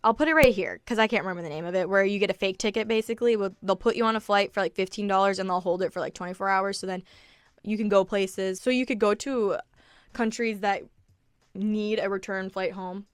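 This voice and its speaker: A woman's voice: medium pitch, fairly even intonation, a little fast, clear, resonant tone, no room sound. A woman in her early twenties telling her travel story in a chatty, confessional way, full of "like" fillers and casual swearing, sometimes close to tears. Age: early 20s. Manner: emotional, close to tears at times. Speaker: travel vlogger.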